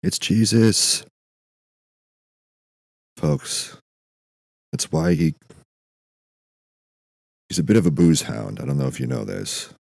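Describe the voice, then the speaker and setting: Deep gravelly deadpan man. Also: measured pace, long pauses, no echo. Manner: dry, deadpan, profane. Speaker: podcast host. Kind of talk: deadpan comedic monologue.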